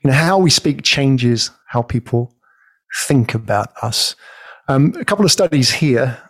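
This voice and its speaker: A man hosts an interview, asking curious, friendly questions in an even middle voice. The sound is dry and close, with no room echo. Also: medium pitch, measured pace. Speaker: interview host. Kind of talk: conversational interview.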